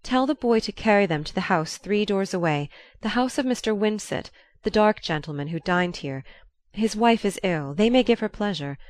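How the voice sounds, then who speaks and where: A woman reading the part of a proud, volatile young countess, shrill and imperious in an audiobook. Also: lively intonation, moderate pace, no room sound, clean studio sound, close to an everyday voice. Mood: urgent. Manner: imperious, abrupt.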